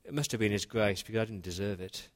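A man's voice: lowish voice, fast talker, natural voice. A man preaching as Noah, telling the flood story in the first person with earnest, conversational feeling. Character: Noah, humble earnest older man, male. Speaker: pastor. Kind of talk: dramatic first-person retelling in a sermon.

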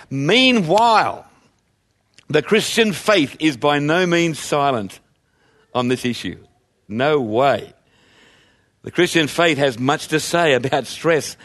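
Male pastor, slightly high voice, conversational preaching with rhetorical asides. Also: a bit bright. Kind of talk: sermon.

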